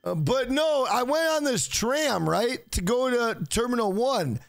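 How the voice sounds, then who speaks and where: High, gravelly-voiced hyped male streamer. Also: lively intonation, measured pace, no room sound, studio quality. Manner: profane, hyped, shouts out donors. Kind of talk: live gameplay stream chat.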